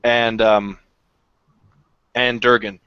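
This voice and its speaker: Slow, hesitant man describing actions. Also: on the low side, little pitch movement, sharp tone, clean tone, dry recording. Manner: hesitant, many fillers. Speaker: player. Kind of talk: describing his character's actions. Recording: dry, dull lo-fi audio.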